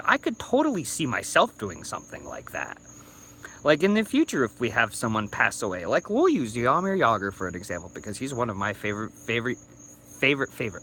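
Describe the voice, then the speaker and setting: Man, 30, slightly drunk YouTuber ranting on his phone, bright and tense voice, lots of restarts. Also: mid-range voice, wildly swooping pitch, fairly quick. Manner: rambling, stumbling restarts, swearing. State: a little drunk. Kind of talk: casual ranting vlog.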